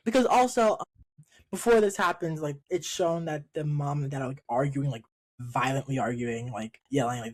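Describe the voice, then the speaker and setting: Animated co-host recapping a film. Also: mid-range voice, normal speed. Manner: animated storytelling with many fillers. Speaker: co-host of a film review show. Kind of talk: casual film recap chat.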